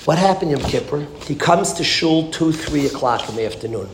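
A man's voice: on the high side, lively intonation, brisk. Man preaching in an echoey, noisy room. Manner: emphatic, repetitive, builds to passionate exclamations. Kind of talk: storytelling sermon. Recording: echoey room with background noise.

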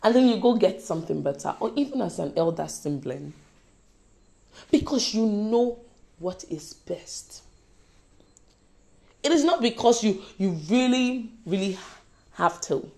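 A woman delivers a sermon at an unhurried pace, her voice gravelly with fry. She repeats key lines and moves between soft passages and forceful ones. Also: medium pitch, animated. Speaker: preacher.

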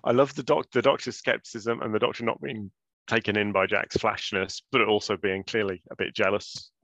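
Man, fairly low voice, casual podcast chat, jokey, restarts sentences, dry close sound. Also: fairly even intonation, a little fast, fairly bright tone, no echo. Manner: chatty, jokey, trails off and restarts. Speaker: podcast co-host.

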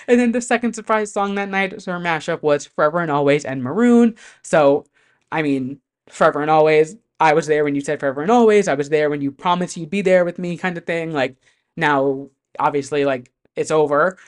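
Pop music is the topic as a host speaks to camera at a brisk clip with a medium-pitched voice. The chat is casual and lively, loaded with fillers and sprinkled with swearing.

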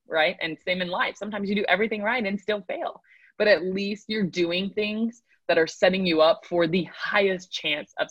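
Woman coach on a podcast, bright slightly low voice, keeps saying right?, dry close sound. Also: dry recording, low-quality recording. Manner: emphatic, repeats "right?" often. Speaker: mental performance coach guest. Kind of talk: casual podcast conversation.

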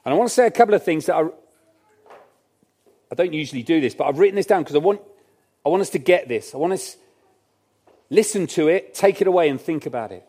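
A man's voice: fairly high pitch, expressive, fast talker, long pauses, mellow. A man preaching a sermon in a church, conversational and emphatic, with jokey asides to the congregation.

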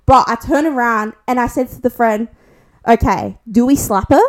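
A young woman co-hosting a podcast tells a piece of gossip in a fairly high voice at a moderate pace, with an Australian accent. She swears constantly and animatedly acts out what people said.

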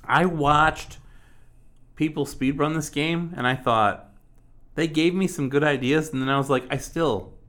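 A man co-hosting a casual podcast about retro video games, talking in a rambling, animated way with frequent restarts. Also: on the high side, a little slow. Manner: rambling, animated, self-interrupting. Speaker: podcast co-host.

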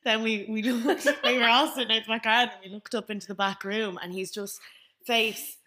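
A woman's voice: fairly high pitch, steady tone, brisk, bright, forceful tone, slight background noise. A young woman co-hosting a podcast, telling stories in casual chat and laughing often. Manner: laughing storyteller, banters. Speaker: podcast co-host.

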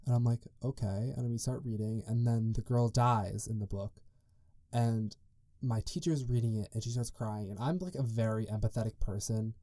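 His voice sits fairly low, mellow and fairly even in intonation, moving at a moderate pace. As a young adult hosting a solo podcast, he tells stories casually, wandering into tangents and saying "like" a lot, all in clean studio sound without echo.

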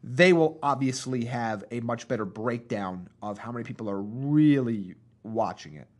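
A man's voice: mid-range voice, normal speed. A man co-hosting a casual chat show, opinionated and explaining his points. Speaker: co-host.

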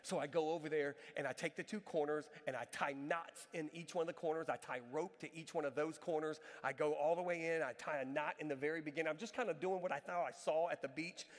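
A middle-aged man preaching a sermon, telling a funny personal story with animated energy and then pressing his point with emphatic questions. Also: on the high side, fast, hardly any pauses. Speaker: pastor. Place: church sanctuary. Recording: long reverb of a large church hall.

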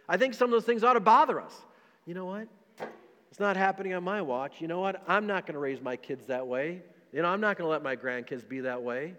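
A man's voice: high voice, a little fast, a bit bright, long reverb tail. A middle-aged man preaching a sermon as a pastor, passionate, repeating himself and asking rhetorical questions. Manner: impassioned preaching with frequent repetitions and rhetorical questions.

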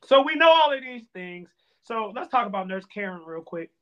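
A man hosting a podcast in a loose, animated way, joking and riffing on the news. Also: high voice, moderate pace. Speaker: podcast host. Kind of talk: casual podcast chat. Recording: dull lo-fi sound.

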